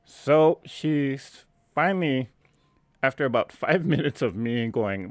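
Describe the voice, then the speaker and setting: A man's voice: medium pitch, animated, slow pace, no room sound. A man hosting a live stream, casually telling a family anecdote in a rambling, self-correcting way and chuckling at his own story. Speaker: host.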